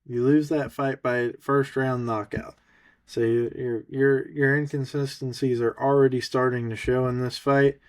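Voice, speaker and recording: A man's voice: medium pitch, level tone, a little slow. A man co-hosting a fight podcast, launching into a sarcastic, cutting rant. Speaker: podcast co-host. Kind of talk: mocking rant.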